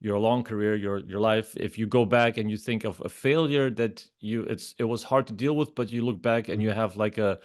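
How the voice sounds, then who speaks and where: A podcast host asking a guest questions, with a low voice recorded dry and close. He rambles through his questions, repeating words and restarting until the thought comes together. He is from Lithuania. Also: normal speed, hardly any pauses, dry recording. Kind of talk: podcast interview.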